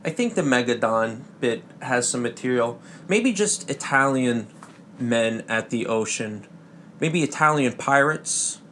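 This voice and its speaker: Male podcast host, slow halting delivery, jokey rambling bits, faint ambience. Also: medium pitch, animated, a bit bright, a little hiss or hum. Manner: halting, full of fillers and restarts, jokey asides. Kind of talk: rambling comedy podcast monologue.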